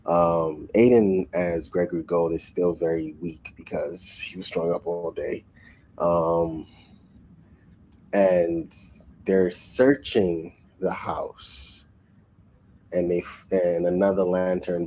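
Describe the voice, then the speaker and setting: A man co-hosting a casual book discussion, recapping the plot in an excitable, rambling way with lots of restarts. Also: low-pitched, a little hiss or hum, rough recording. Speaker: book club co-host.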